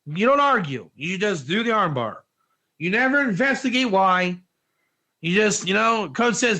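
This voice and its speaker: A man giving an informal Torah class, energetic and joking, putting questions to his listeners in a classroom. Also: high-pitched, normal speed. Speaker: Torah teacher.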